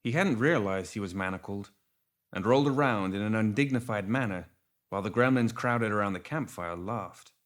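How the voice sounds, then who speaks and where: A man reading a fantasy story aloud as audiobook narrator, with expressive storytelling. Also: on the low side, moderate pace. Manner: expressive storytelling, lively intonation. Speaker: audiobook reader. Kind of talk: scripted narration.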